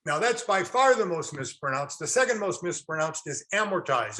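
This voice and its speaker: A man's voice: a little high, expressive, fairly quick, few pauses, sharp tone. A man lecturing a classroom, quizzing his audience and answering his own questions with folksy jokes. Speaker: real estate instructor.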